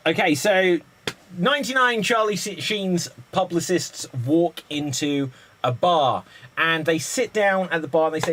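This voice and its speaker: A man's voice: high voice, animated, a bit bright, a little hiss or hum, low-quality recording. A man hosting an online improv comedy show, calling on players by name and running the games. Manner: brisk, calls on players by name.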